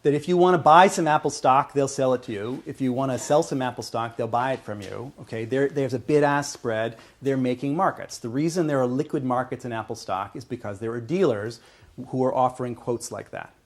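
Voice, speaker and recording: A man's voice: mid-range voice, a little fast. A male lecturer explaining ideas step by step to a class, often checking in with "okay" and restarting phrases. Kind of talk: university lecture. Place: lecture hall.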